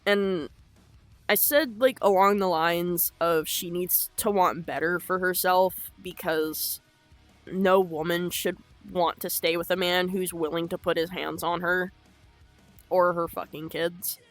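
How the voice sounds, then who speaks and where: A woman's voice: fairly low pitch, fairly even intonation, unhurried, no room sound, soft background music. Blunt, heavy-swearing young woman storyteller. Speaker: vlogger telling a personal story. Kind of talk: unscripted personal storytelling.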